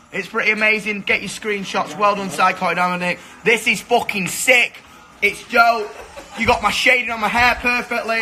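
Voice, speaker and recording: A young man chatting casually on a phone livestream from his kitchen, excitable, swearing a lot and shouting to his friends. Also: extremely high pitch, moderate pace, soft background music, poor audio. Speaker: musician hosting a livestream. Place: kitchen at home. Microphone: phone camera.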